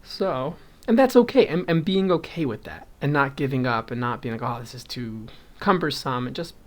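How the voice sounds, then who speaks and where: The voice is fairly high and brisk, swinging widely in pitch. It belongs to a young man vlogging as he crochets, chatting casually, often chuckling, counting his stitches out loud, and rambling from one tangent to another.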